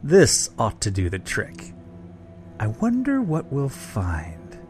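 A man's voice: medium pitch, wildly swooping pitch, slow, darkish tone, faint music behind. A man voicing a cruel, methodical alien doctor who snarls with cool menace. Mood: menacing.

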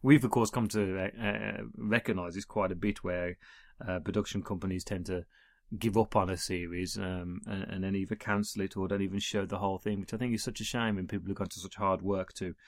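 A man's voice: low voice, fairly even intonation, fairly quick, dry recording, studio quality. A man reading through an episode guide in a casual way, adding wry asides and small chuckles. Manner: reads listings, adds wry chuckling asides.

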